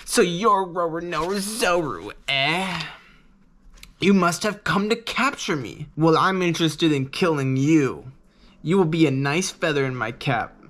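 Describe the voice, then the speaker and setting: A man's voice: on the high side, expressive, unhurried, fairly bright tone. A man voicing a menacing male pirate clown captain, giving cold threatening commands.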